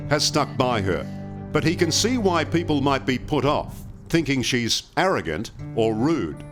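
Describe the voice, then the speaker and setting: A man narrating a TV news story in a measured, scripted way. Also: mid-range voice, very animated. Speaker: reporter and narrator. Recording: narration over music.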